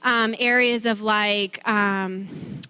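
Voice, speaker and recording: A woman's voice: mid-range voice, steady tone, extremely slow, bright, forceful tone, smooth, no echo. A middle-aged woman telling a personal faith testimony in a chatty way, with many fillers, restarts and easy laughter. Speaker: speaker sharing a faith testimony.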